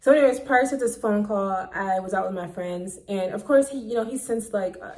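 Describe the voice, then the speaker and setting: Speaking straight into her phone, a woman vlogger tells a personal story in a loose, casual monologue, candid and blunt, swearing freely. Her pitch is ordinary for a woman, and her delivery is brisk and a little mellow.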